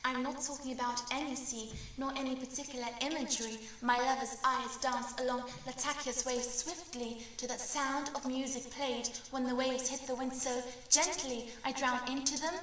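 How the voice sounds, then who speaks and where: Impassioned high-voiced woman reciting poetry. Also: fairly even intonation, normal speed, hardly any pauses, a bit bright, a little hiss or hum. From Syria. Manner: impassioned, declamatory. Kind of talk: spoken-word poetry recitation. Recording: very echoey room, mic far off.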